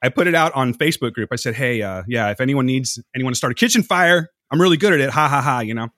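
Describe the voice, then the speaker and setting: A man's voice: mid-range voice, fast talker, dry recording, clean studio sound. A man, hosting a podcast and telling rambling, profane stories. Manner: animated, profane, jumps between anecdotes. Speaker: podcast host. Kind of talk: casual storytelling chat.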